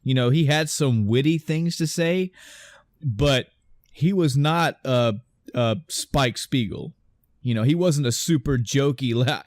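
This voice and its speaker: A man's voice: mid-range voice, lively intonation, measured pace, no room sound. A man hosting a podcast in casual chat, rambling and restarting, often acting out movie lines. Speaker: podcast host.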